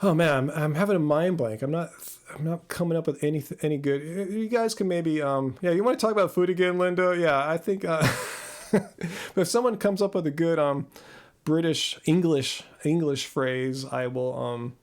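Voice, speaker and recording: A man's voice: on the high side, normal speed. A man from Southern California hosting a live Q&A stream, chatting casually with his viewers, laughing often and stumbling over repeated words as he restarts his sentences. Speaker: host. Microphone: own microphone.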